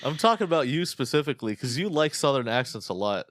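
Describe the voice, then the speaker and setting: A man's voice: medium pitch, very animated, fast, fairly bright tone, no room sound, clean studio sound. A man co-hosting a podcast, rambling and joking crudely in casual comedic chat. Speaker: podcast co-host.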